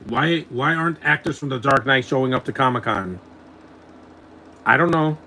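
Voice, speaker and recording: A man's voice: medium pitch, moderate pace, pushed and bright, slight background noise, low-quality recording. A man giving casual live commentary over a film, mocking it and chuckling often.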